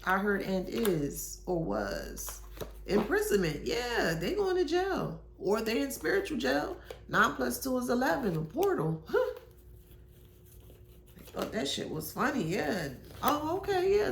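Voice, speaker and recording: A woman's voice: mid-range voice, big pitch swings, measured pace, gravelly, reverberant, a little hiss or hum. A woman doing a casual tarot reading, musing aloud in slangy speech with sudden exclamations. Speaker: tarot reader.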